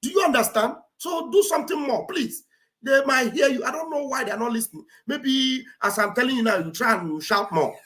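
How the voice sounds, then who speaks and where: A woman gives mocking, exclamatory commentary on a livestream. Her voice sits high and swoops all over. She repeats phrases for effect and acts out what others say. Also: animated, fairly quick, fairly bright tone. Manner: acts out quoted speech with theatrical delivery.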